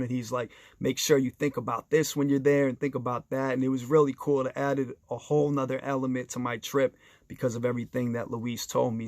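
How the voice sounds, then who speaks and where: A man's voice: mid-range voice, gravelly, no echo. A man telling casual stories in an enthusiastic, conversational way, speaking straight to his listeners and briefly acting out quoted voices. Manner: briefly acts out other people's voices in quoted dialogue. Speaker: storyteller sharing basketball anecdotes. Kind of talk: casual storytelling monologue.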